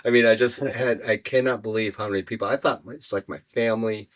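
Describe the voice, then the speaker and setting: A man with a deep, low voice tells his own story as a podcast guest. He speaks earnestly and haltingly, leaning on "you know" while he gathers his thoughts. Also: steady tone. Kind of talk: personal storytelling in an interview.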